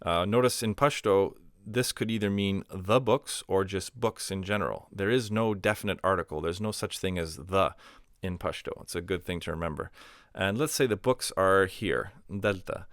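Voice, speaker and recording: Man, teacher, recorded lesson, patient explaining, clear resonant voice, dry sound. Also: low voice, moderate pace, a bit bright, dry recording. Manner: patient explaining with spoken examples, fillers like um and uh. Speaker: language teacher.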